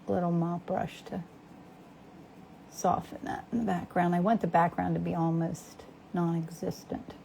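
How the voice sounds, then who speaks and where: A woman's voice: on the low side, vocal fry, darkish tone, slight background noise. A woman in her fifties hosting a live painting demo, thinking aloud as she works, greeting viewers by name and sometimes dropping to a near whisper. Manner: drops to a near whisper at times while working. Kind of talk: casual live-stream chat while painting.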